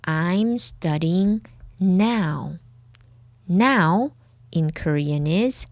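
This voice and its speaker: A woman's voice: on the low side, expressive, a little slow, long pauses, darkish tone, dry recording. A woman giving a language lesson, patiently saying each word several times over, recorded close up. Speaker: Korean language teacher. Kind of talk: slow lesson, repeating words for the viewer.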